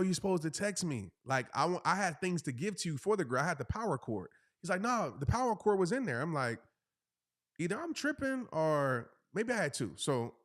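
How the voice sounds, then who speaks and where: A man, casually telling a funny story and acting out the voices of the people in it. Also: on the high side. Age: 30s. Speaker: motivational speaker telling a story.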